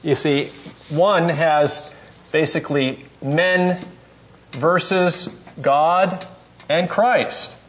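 A man's voice: fairly high pitch, extremely slow. A male seminary professor leading a classroom Bible lesson, putting questions to students by name and thinking aloud as he goes. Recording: dull lo-fi classroom recording.

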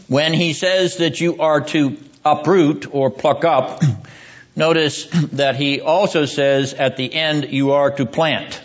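Male seminary lecturer, slow and deliberate, keeps clearing his throat, muffled lo-fi classroom recording. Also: fairly even intonation. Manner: drops low and grave when stressing judgment.

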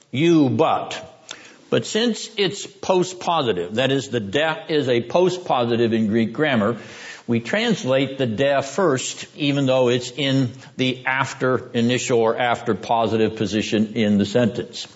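Male seminary lecturer, mid-pitched, clears throat often, quizzes the class, dull lo-fi classroom tape. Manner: questions the class, frequent throat clearing, deliberate explanations. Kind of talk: classroom lecture on Greek scripture. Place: classroom with students.

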